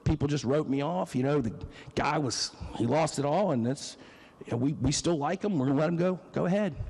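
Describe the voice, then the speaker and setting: Middle-aged male state legislator, raised pitch, impassioned storytelling, reverberant chamber. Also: brisk, darkish tone, breathy edge. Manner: emotional, storytelling, emphatic. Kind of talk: floor speech.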